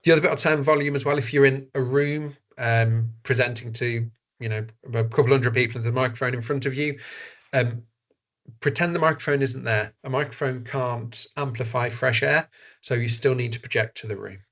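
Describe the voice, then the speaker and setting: A man's voice: mid-range voice, fairly even intonation, a little fast, a bit bright. Man, voice trainer, online masterclass, conversational, earnest, lots of ums. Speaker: voice and media trainer. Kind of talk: online presentation-skills masterclass. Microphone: video call.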